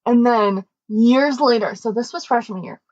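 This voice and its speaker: A young woman co-hosting a podcast, telling a story casually and acting out the quoted voices with big jumps in pitch. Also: normal speed, a little mellow, no room sound. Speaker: podcast co-host. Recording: dull, dry lo-fi mic.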